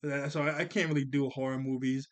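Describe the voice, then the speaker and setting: A man casually recapping and reviewing a cartoon episode, laughing often and slipping into quick character voices. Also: medium pitch. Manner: animated, laughs often, jumps into character voices when quoting.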